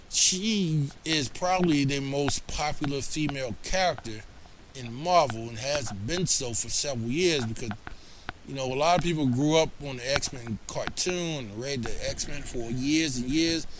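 A man's voice: on the high side, pushed and bright, low-quality recording. A man giving casual solo commentary about comic books, chatty and rambling, with frequent restarts and asides, coughing now and then.

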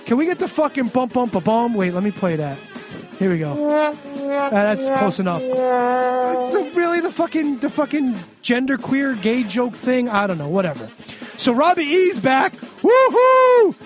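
A man's voice: extremely high pitch, animated, moderate pace, soft background music. A man recapping a wrestling show on a podcast in a sarcastic, ranting way with lots of swearing. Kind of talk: casual profane recap.

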